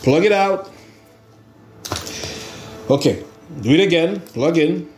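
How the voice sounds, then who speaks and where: A man's voice: on the high side, expressive, slow pace, a little mellow, soft background music. A man hosting a casual RC hobby vlog, rambling in an exasperated way and pleading with viewers for help. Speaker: RC hobby channel host. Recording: noisy ambient background.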